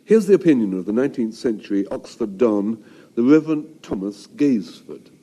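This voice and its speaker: A man's voice: medium pitch, sing-song, moderate pace, dark tone. A middle-aged English man hosting a scripted radio comedy show with a dry, wry delivery. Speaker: host. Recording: broadcast radio studio.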